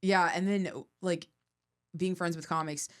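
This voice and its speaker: Fast-talking comedian woman, low voice. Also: steady tone, clean tone. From Florida. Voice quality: fast, rambling storytelling with frequent laughter. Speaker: stand-up comedian, podcast guest. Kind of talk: casual podcast chat.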